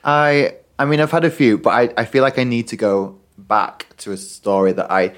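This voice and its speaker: A man's voice: mid-range voice, moderate pace. A man, co-hosting a casual podcast, telling a dry story and acting out a child's replies. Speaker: podcast co-host, primary school teacher. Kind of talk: casual chat.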